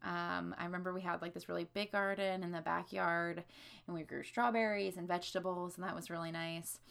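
A young woman tells childhood stories in a candid, rambling way, full of fillers and casual swearing. Her voice sits low and has a gravelly fry. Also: steady tone, brisk, fairly bright tone. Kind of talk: casual storytelling of childhood memories.

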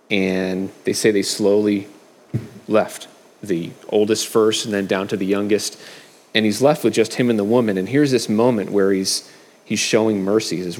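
A man's voice: on the low side, fairly even intonation, moderate pace, a little mellow. A middle-aged man giving a casual sermon with scripture readings, talking loosely with fillers and restarts. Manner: conversational, frequent fillers and restarts. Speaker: preacher sharing a message. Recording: long hall reverb.

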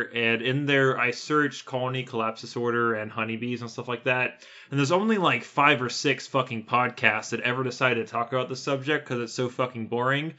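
A man co-hosting a casual podcast, ranting profanely and at times yelling. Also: mid-range voice, muffled recording. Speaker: podcast co-host.

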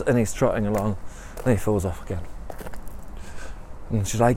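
A man's voice: on the low side, steady tone, normal speed, mellow, slightly rough. A man hosting a podcast, making up a story as he walks along a city canal, rambling with many ums and self-corrections. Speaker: podcast host. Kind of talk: improvised storytelling while walking.

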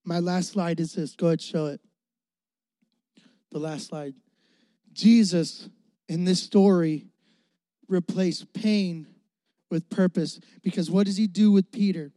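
A man's voice: sits high, fairly even intonation, slow, long pauses, mellow, no room sound. A young adult man, a youth pastor, preaching a sermon with emphatic repetition and rising and falling volume.

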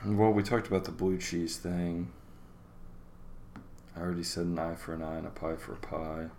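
A man's voice: low voice, flat delivery, moderate pace, darkish tone, a little hiss or hum. A man co-hosting a casual podcast, talking bluntly and sardonically with plenty of swearing. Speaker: podcast co-host. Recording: roomy echo.

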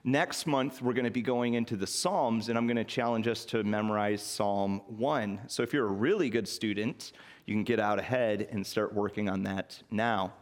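A man's voice: fairly low pitch, moderate pace. Folksy man preaching a sermon. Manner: conversational and folksy, with light self-deprecating humor. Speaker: pastor. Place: church sanctuary.

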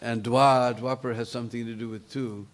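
Animated man telling a sacred tale. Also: medium pitch, moderate pace. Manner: animated, chatty asides to listeners, chuckling. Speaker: storyteller. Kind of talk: devotional storytelling talk.

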